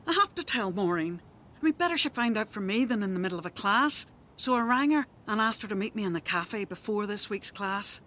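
A woman's voice: mid-range voice, expressive, brisk, pushed and bright. Confiding woman telling a story. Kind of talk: scripted dramatic monologue.

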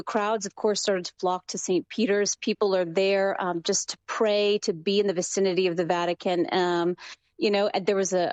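A woman's voice: mid-range voice, a little mellow, no echo. A woman Vatican correspondent speaking live from Rome in a news interview, filling her sentences with "um" and "you know". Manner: frequent fillers, many "you know"s. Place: remote line from Rome.

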